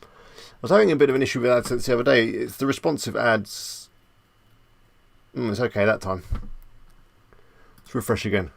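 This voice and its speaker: A man's voice: mid-range voice, moderate pace, creaky, pauses often, no room sound. A man hosting a casual live stream, chatting loosely as he reads out viewer comments and answers them, with jokey, self-amused asides.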